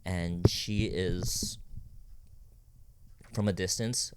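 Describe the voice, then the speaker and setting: A man's voice: deep voice, steady tone, drawn-out words, slight background noise. A man co-hosting a podcast in casual chat, loose and rambling, laughing often. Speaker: podcast co-host.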